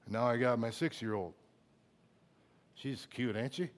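A middle-aged man preaching a sermon, moving between quiet confiding talk and loud impassioned bursts, emotional at times. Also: medium pitch, a little slow. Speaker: pastor.

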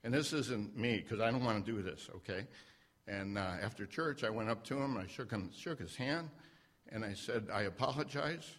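A man at a church mic telling a personal story, halting and self-deprecating, with many fillers and restarts. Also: on the low side, fairly bright tone. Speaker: church member sharing a testimony. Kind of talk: unscripted personal testimony. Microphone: standing mic.

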